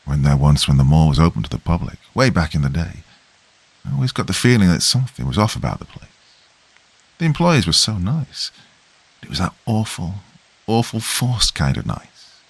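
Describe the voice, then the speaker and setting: A man's voice: low voice, big pitch swings, moderate pace, dry recording, full character voice. Man doing a worried older Liverpool neighbor. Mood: ominous. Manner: gravely warning, ominous.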